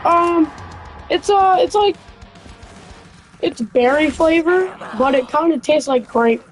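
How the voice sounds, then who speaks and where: A woman's voice: high voice, animated, takes it slowly, soft background music, rough recording. A woman with a youthful-sounding voice chatting casually while gaming. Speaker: gamer.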